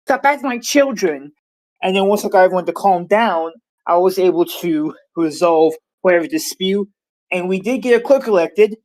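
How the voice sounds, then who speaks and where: Confident woman candidate, lowish voice. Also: a little mellow, rough recording. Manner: confident, self-promoting. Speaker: debate candidate, sitting prime minister. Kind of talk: debate answer.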